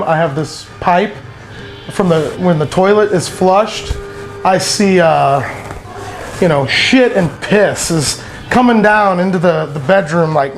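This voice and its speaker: A man telling a meandering personal story, swearing often, laughing a lot and getting worked up as he talks. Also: sits high. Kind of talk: rambling personal anecdote.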